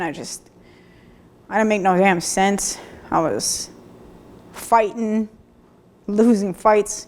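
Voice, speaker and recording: A woman in her thirties telling her own story of recovery, speaking candidly with halting restarts and repeated phrases. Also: mid-range voice, darkish tone. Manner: plainspoken, occasional mild swearing. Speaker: person sharing a recovery story. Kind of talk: personal testimony, candid and conversational.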